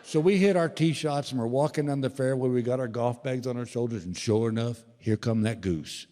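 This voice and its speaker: An older man doing folksy, animated stand-up storytelling, acting out the voices of the people in his stories. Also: mid-range voice, fairly quick. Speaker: stand-up comedian. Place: large live venue with audience laughter. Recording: live stage recording with hall reverb.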